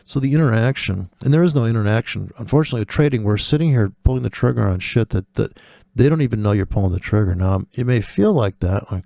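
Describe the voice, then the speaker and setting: Gravelly, profane man ranting off the cuff. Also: on the low side, expressive, fast, dark tone, no room sound, studio quality. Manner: sardonic, profane, wanders off on tangents; acts out imagined voices in quotes. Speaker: forex trading video host. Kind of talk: rambling casual monologue.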